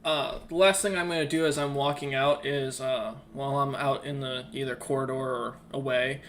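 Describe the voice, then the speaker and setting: A man's voice: mid-range voice, fairly even intonation, moderate pace, fairly bright tone, slight background noise. A man playing a tabletop game, talking casually, swearing freely and often laughing. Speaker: player.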